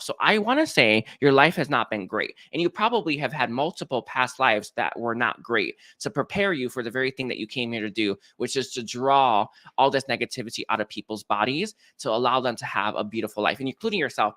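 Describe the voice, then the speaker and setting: A man's voice: mid-range voice, pushed and bright, no echo, clean studio sound. A man giving a live-streamed psychic reading, talking with many fillers and restarts. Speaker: psychic reader.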